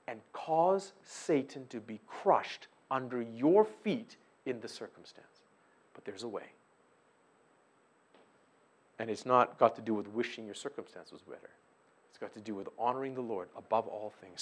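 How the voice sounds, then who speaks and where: A middle-aged man preaching a sermon as a pastor, swinging between loud emphasis and hushed, quiet stretches. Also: medium pitch, lively intonation, moderate pace.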